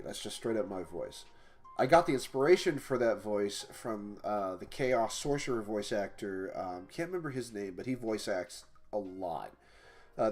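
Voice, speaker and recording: A man who develops indie games, chatting casually on a livestream and rambling with fillers and restarts, with his mic held off to the side. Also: lowish voice. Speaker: indie game developer streaming. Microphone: mic held off to the side, no pop filter. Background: faint music.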